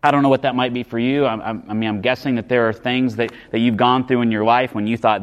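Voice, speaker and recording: A man's voice: mid-range voice, animated, fast, few pauses. A male pastor preaching a sermon, emphatic, often repeating words and restarting phrases.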